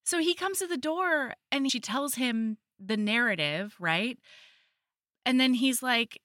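A woman's voice: a little high, measured pace, no room sound, studio quality. A woman co-hosting a podcast, casually recapping a romance novel and acting out the characters' lines as she goes. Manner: animated retelling with quoted character lines. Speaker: podcast co-host. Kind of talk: casual book recap chat.

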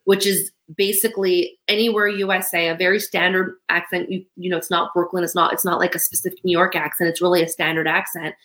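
A woman with a fairly low voice and a standard American accent chats loosely about her acting work. She is from Canada and keeps restarting her sentences, with plenty of "um" and "you know" between them. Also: little pitch movement, fast talker, hardly any pauses, a bit bright. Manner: chatty, many fillers and restarts. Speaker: actor guest. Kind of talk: casual podcast chat.

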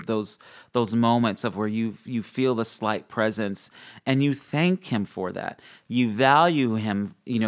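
Young male guest, excitable storyteller who jumps into a high voice for quotes and laughs a lot. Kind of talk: animated faith testimony in an interview.

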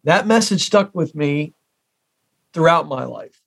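A man in his forties from the United States talks as an interview guest, emphatic and fond of repeating his key phrases. His voice sits a bit higher than most men's. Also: animated, a little slow, creaky, slightly rough. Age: 40s. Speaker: guest, career expert. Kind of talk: interview storytelling.

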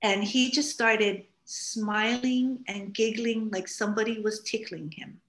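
A talk show guest from Hawaii, a middle-aged woman with a voice on the high side, spins casual stories at a measured pace. She animatedly acts out quoted speech, with roomy studio echo around her.

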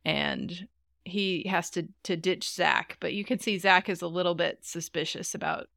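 A woman's voice: fairly low pitch, steady tone, moderate pace, gravelly, fairly bright tone, no echo, clean studio sound. A young woman co-hosting a podcast, chatting casually and laughing often while recapping a TV episode. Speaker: podcast co-host. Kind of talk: casual chat recapping a TV show.

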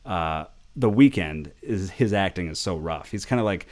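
Male podcast host, low voice, casual, rambling, laughs often. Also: animated, measured pace, a little mellow.

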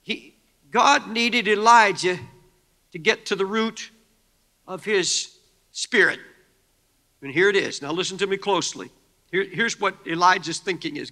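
A man preaching a sermon to a congregation, fervent, moving from quiet talk to shouting. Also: sits high, a little slow, pauses often. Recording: long hall reverb.

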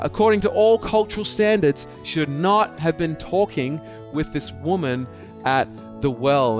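Male pastor, chatty sermon style, light guitar bed. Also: on the high side. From Australia. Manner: conversational, anecdotal, asks rhetorical questions.

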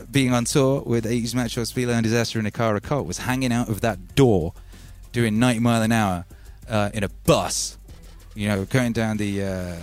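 A man with a British accent hosting a music stream, telling stories in a rambling, casual way full of "you know". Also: lowish voice. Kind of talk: casual storytelling.

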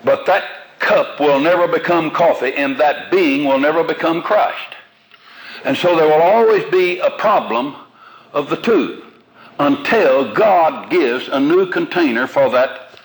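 A man's voice: on the high side, rough recording. An older man, a pastor, preaching a sermon to a congregation in a folksy, homespun way with everyday examples. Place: room with a congregation.

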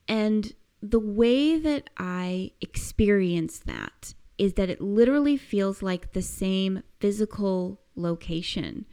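Woman coach talking slow and gentle, lots of soft little laughs, pretty reflective. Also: medium pitch, smooth. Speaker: coach giving a weekly task. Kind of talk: reflective guided self-help talk.

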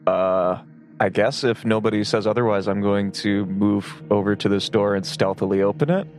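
A man playing a tabletop game, talking in a chatty, upbeat way with quick asides. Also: fairly low pitch, a little mellow. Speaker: player. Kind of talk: casual chat at a tabletop game.

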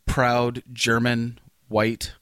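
A man's voice: mid-range voice, completely flat delivery, drawn-out words, fairly bright tone, no room sound. A man co-hosting a podcast in casual banter. He rambles, swears, laughs often and does voices, close on a studio mic. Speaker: podcast co-host.

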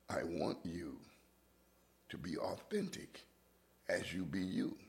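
A man's voice: sits low, slow, vocal fry, darkish tone. A man hosting a reflective monologue, musing with restarts and sometimes dropping into a whisper. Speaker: podcast host.

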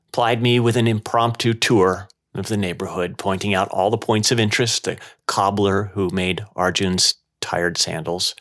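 A man hosting a podcast, narrating a personal story in a slow, measured way. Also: low voice, creaky, a bit bright. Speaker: podcast host.

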